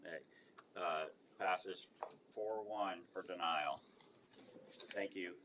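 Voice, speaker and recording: Low-voiced chairman running the meeting. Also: background noise. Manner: brisk, procedural. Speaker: board chairman.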